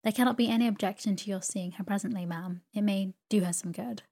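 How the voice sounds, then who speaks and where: A woman voicing a meek, mild-mannered male country doctor who speaks softly and deferentially. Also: medium pitch, fast, natural voice. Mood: meek, soothing. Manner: soft, gentle and deferential.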